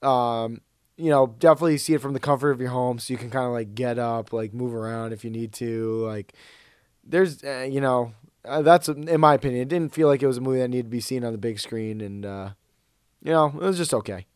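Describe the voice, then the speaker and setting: A man's voice: medium pitch, a little fast, clean tone, no room sound, clean studio sound. A man co-hosting a podcast, chatting loosely about a movie with lots of fillers and hedges. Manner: relaxed, filler-heavy, hedging. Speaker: podcast co-host. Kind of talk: casual chat about movies.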